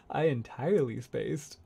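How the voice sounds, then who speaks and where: A man who makes ASMR content, hosting a casual livestream chat, soft-spoken and rambling, laughing often as he answers chat. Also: medium pitch, creaky, a little hiss or hum.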